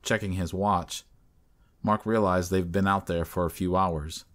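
A man narrating a scripted horror story in a measured, even storytelling manner. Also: deep voice.

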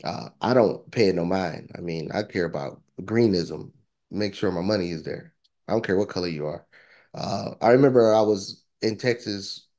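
A man, a property investor, telling a story in a relaxed, informal way and often repeating phrases. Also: deep voice, moderate pace, highs cut off. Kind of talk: casual storytelling interview.

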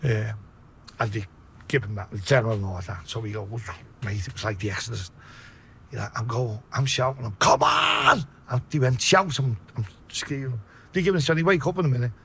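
A man with a Liverpool accent telling a story in a casual way, swearing a lot and acting out his own shouts. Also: medium pitch, a little fast, a little hiss or hum. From Liverpool, England.

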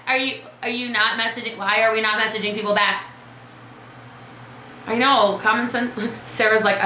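A woman coaching her team on a live video, chatty and lively, calling out viewers by name. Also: a little high, normal speed, roomy sound, a little hiss or hum, rough recording. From Texas. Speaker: business coach.

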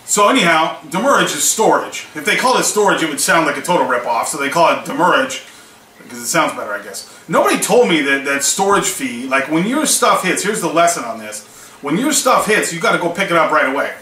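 Bright-voiced man telling a story. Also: a little high, lively intonation, brisk. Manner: recounts events, acting out both sides of conversations. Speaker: small online seller vlogger. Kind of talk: casual storytelling. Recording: echoey room, mic at a distance, faint hiss.

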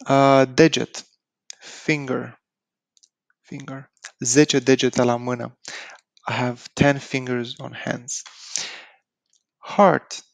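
A man with a Romanian accent, a native Romanian speaker, teaching vocabulary in an informal lesson, slow and halting with many ums and uhs. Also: mid-range voice, vocal fry, dry recording. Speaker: language teacher.

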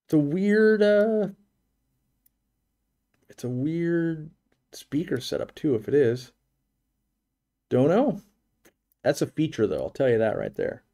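Guy on a live stream riffing on a house tour, mellow low-key voice, lots of restarts and jokes. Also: expressive, slow pace, pauses often. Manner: rambling, joking, thinking aloud with many restarts. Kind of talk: casual commentary on a virtual home tour.

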